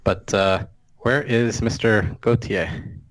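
A man with a fairly low voice chats on a tech podcast. He is easygoing and laughs often as he talks. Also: fairly even intonation, takes it slowly. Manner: chatty, laughs easily. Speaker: podcast co-host. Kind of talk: casual tech chat.

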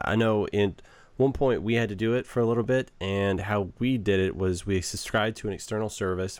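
Low-voiced man hosting a tech chat. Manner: relaxed, rambling with fillers. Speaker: podcast host.

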